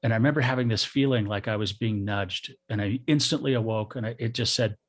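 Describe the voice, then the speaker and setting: A middle-aged man, a guest on an interview show, telling a personal story in a soft, halting, reflective way. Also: lowish voice.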